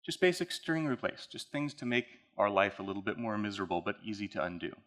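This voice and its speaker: A man's voice: fairly low pitch, expressive, fast, fairly bright tone. A man speaking at a conference, walking the audience through a technical case study in a casual, conversational way. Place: conference hall.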